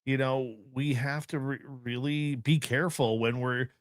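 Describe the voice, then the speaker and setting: A man hosting a radio talk show, chatting casually and joking with an easygoing, drawn-out delivery. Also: medium pitch, steady tone, no echo, clean studio sound. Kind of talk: casual radio interview chat.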